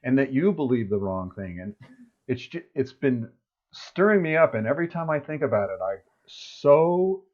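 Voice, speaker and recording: A man's voice: medium pitch, sing-song, moderate pace. Chatty man, muffled lo-fi sound. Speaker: co-host. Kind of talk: casual spiritual chat.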